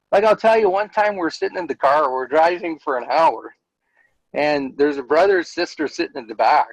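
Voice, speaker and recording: Man, higher-pitched voice, earnest and animated storytelling, slightly dull audio. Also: no echo. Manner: earnest, animated, laughs while telling stories. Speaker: interview guest, former Jehovah's Witness elder. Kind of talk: candid conversational storytelling.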